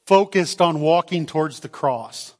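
Pastor preaching slowly to a congregation; high, lively male voice in a reverberant sanctuary. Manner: animated, calls for amens, acts out voices. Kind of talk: sermon. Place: church sanctuary. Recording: long hall reverb.

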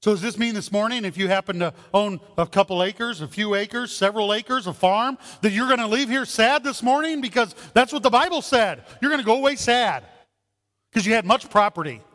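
A man's voice: sits high, brisk, a bit bright, big-room sound. A man preaching a sermon as pastor, talking conversationally and asking the congregation rhetorical questions.

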